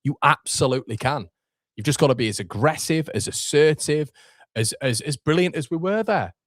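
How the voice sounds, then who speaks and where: A man's voice: on the high side, lively intonation, normal speed, no echo, studio quality. A young man hosting a live fan watchalong, reacting with frustration and swearing as he talks to his chat.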